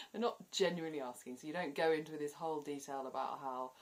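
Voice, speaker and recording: A woman from southern England with a deep, low-set voice talks casually to her viewers in a relaxed vlog. Her southern English accent is plain throughout. She keeps things chatty and often laughs between her points. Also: moderate pace, a little hiss or hum. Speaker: vlogger.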